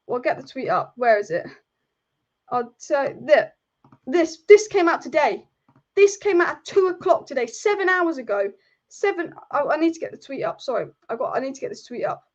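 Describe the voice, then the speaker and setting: A woman's voice: high-pitched, lively intonation, moderate pace, lo-fi sound. A woman hosting a football live stream, furious and exasperated, repeating herself as she rants. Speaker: football channel host.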